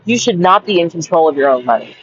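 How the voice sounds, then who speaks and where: A woman's voice: on the low side, animated, quick pace, dull audio, soft background music. A woman and caregiver reading her journal aloud and ranting in a blunt, profane, exasperated way.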